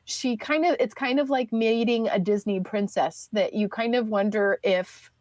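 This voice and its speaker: A woman's voice: medium pitch, moderate pace, a little mellow, dry recording. A woman in her thirties, a podcast guest telling a personal story in a chatty way, full of fillers and restarts.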